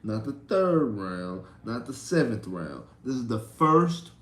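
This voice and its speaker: Male streamer, mid-pitched, repetitive slangy sports rant, outbursts and mutters, roomy home-mic sound. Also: sing-song, slow. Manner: exasperated, repetitive, slangy, jumps between loud outbursts and mutters. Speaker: livestream host.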